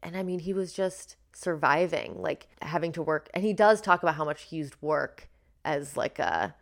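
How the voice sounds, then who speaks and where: A woman co-hosting a casual podcast, relaxed, retelling a book with fillers like "um" and "like". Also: low-pitched, normal speed, creaky. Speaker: podcast co-host summarizing a book. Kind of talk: casual book discussion chat.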